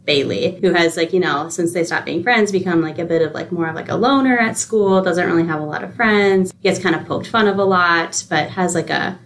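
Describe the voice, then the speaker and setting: Lively young woman recapping a film. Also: on the low side, brisk, hardly any pauses, slight background noise. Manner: animated storyteller, acts out characters' quoted lines. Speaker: podcast co-host. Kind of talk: casual chat recapping a film.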